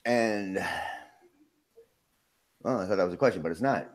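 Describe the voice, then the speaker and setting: A man from Minnesota hosts a casual live-stream chat. His voice sits a little low, and he talks in a laid-back, rambling way with frequent chuckles. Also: moderate pace. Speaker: host.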